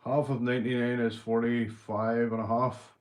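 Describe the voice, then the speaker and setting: A Northern Irish man hosting a livestream, telling crude jokes, swearing and shouting out viewers. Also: medium pitch, level tone, moderate pace. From Northern Ireland. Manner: rowdy, swearing, joke-telling, reading viewer comments. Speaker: livestream host. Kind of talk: casual livestream chat.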